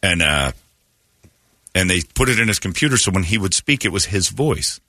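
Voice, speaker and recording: A man hosting a morning radio show, telling stories in casual banter and slipping into quick impressions. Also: deep voice, no room sound. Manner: storytelling, animated, slips into impressions.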